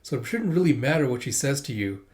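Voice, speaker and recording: A man's voice: mid-range voice, lively intonation, fast talker, darkish tone, lightly acted. A man voicing a big, friendly teenage judo student in a casual, easygoing plain reading voice.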